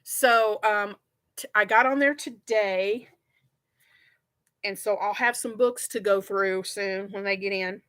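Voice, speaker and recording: A woman's voice: mid-range voice, slow pace, pauses often, a bit bright. A middle-aged woman hosting a crochet livestream, chatting casually and rambling with viewers and laughing often. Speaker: crochet channel host.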